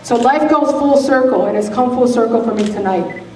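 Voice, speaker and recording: A woman's voice: on the high side, normal speed, dark tone. Earnest woman officer in an echoey hall. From Springfield, Massachusetts, USA. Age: 40s. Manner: earnest, emphatic, repeats phrases for weight. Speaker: Army officer and combat veteran giving a speech. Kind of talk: heartfelt gala speech. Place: large banquet hall. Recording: echoey hall, voice from far off, faint noise.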